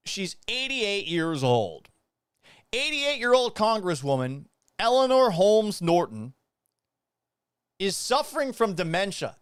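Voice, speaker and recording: Animated, swearing man in his thirties. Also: on the high side, smooth, no room sound, clean studio sound. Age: 30s. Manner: animated, blunt, profane. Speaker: sports show host. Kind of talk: casual sports talk.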